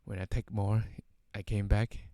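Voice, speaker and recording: A man's voice: lowish voice, flat delivery, measured pace, mellow, dry recording. A man telling a casual anecdote, rambling with many fillers and tag questions. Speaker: storyteller.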